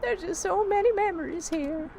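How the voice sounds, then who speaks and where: A woman's voice: extremely high pitch, moderate pace, gravelly, darkish tone, a little hiss or hum, pitched above the performer's own voice, low-quality recording. A woman putting on a quavering old granny. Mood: pleading, tearful. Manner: quavering, stammering, pleading. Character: frail tearful old woman about to be evicted.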